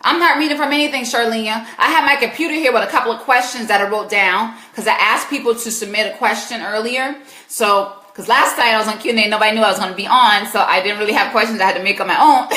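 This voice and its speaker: Her mid-range voice has a sharp edge and echoes around the room as she answers viewers' questions on a live stream. A Christian life coach with a South Carolina accent, she's emphatic and preachy and talks back to comments.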